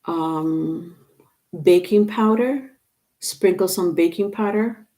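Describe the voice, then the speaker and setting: Woman, tarot reader, casual, lower-pitched, instructive, lots of ums and restarts. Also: slow pace, dark tone. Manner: chatty and instructive, with many fillers and restarts. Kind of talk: casual tarot reading to camera.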